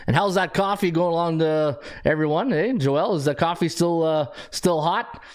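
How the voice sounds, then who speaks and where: With a fairly high-pitched voice at normal speed, this middle-aged sports handicapper hosts a betting podcast in a Canadian accent. He addresses viewers by name between bursts of quickly listed stats.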